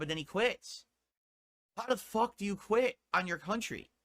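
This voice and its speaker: A man from the United States rants on a stream in a higher-than-usual, bright, pushing voice. He sounds indignant and swears freely. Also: expressive, normal speed. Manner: indignant, profane ranting. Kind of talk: ranting commentary on a stream.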